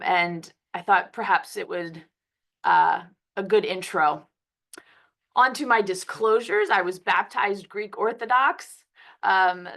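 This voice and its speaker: A Philadelphia physician with a cold gives a conversational webinar lecture over a computer mic. Her voice is lowish with a fairly bright tone.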